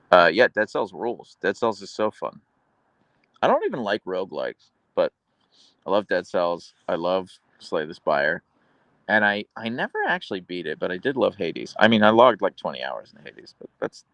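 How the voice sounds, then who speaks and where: Gravelly, wry man streaming from a phone. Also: sits low, fairly bright tone, dry recording. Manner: wry, rambling, reads chat aloud. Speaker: live streamer. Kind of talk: casual live-stream chat. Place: outdoor couch on a deck.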